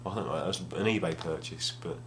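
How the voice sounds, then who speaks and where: A young man with a fairly low voice tells a long, rambling story about a bargain. He talks casually, restarts his sentences and pokes fun at himself. A faint hum sits under the recording. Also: brisk, fairly bright tone. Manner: rambling, self-deprecating, restarts often. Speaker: gaming vlogger. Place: home room, at a table.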